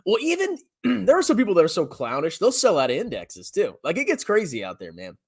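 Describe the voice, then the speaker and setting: A personal finance host chats through viewer comments in a casual livestream. His voice sits a little high and swoops up and down as he talks. He is loose and slangy and laughs easily. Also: fairly quick, breathy edge. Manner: animated, slangy, laughs often.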